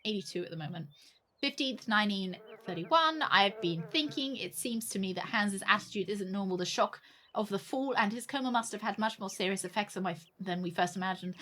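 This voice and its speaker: A woman's voice: medium pitch, fairly quick, fairly bright tone. A woman streamer reading a game's diary entries aloud, with wry, sweary joking asides in between. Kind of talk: reading game text aloud with live commentary.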